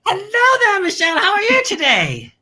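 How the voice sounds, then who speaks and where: A woman's voice: extremely high pitch, wildly swooping pitch, moderate pace, bright, forceful tone. A woman hosting a family-friendly show in a flamboyant, theatrical manner, stretching her words and calling the viewer "darling".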